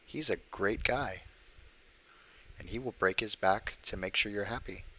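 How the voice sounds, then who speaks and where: A man reads short horror stories on a livestream in a slow, drawn-out way, pausing between his words. His voice is bright and pointed, a little on the low side, and he breaks off to talk casually with his chat. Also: slight background noise. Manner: deliberate, pausing between words, chatting with viewers. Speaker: livestream host reading creepypastas.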